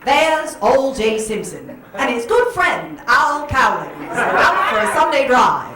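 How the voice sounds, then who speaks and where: A woman's voice: a little high, very animated. A woman doing a cheery old newsreel announcer. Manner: cheery, emphatic, drawn-out. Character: upbeat old-time male newsreel announcer. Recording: echoey club from far off, loud crowd.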